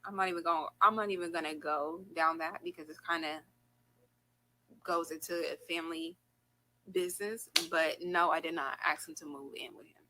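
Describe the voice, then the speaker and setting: A woman talking casually in a livestream, rambling and animated as she vents. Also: low voice, normal speed, slight background noise, rough recording. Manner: rambling, animated, trailing off and restarting.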